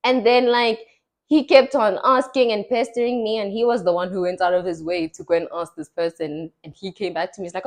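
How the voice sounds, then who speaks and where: With a medium-pitched, steady voice and a fairly quick pace, a young woman from South Africa hosts a podcast. She tells stories in easygoing conversation, voicing the people she quotes.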